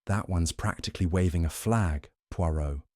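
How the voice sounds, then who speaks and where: A man's voice: sits low, normal speed, darkish tone, no room sound, studio quality. A man voicing a plain-spoken male companion with a blunt, wry manner.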